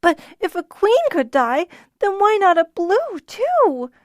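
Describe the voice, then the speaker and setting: Woman voicing a little boy, tearful, pleading, high quavering voice, storybook reading. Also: very animated, moderate pace, no echo, clean studio sound. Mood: blubbering.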